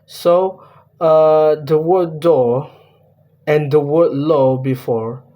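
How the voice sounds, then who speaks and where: A man's voice: fairly high pitch, steady tone, extremely slow, warm tone. A young man with an Indonesian accent giving a class presentation on a poem, hesitant and full of fillers and restarts. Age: young adult. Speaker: student presenting a poem analysis.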